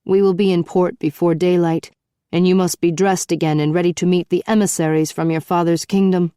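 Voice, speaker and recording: A woman narrator voicing a somber ship captain in a spoken storybook, soft and apologetic. His voice is low and mellow, with a dry, close sound. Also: fairly even intonation, a little fast, clean tone, no room sound, natural voice. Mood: somber, hushed. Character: grave, ashamed male ship captain, middle-aged.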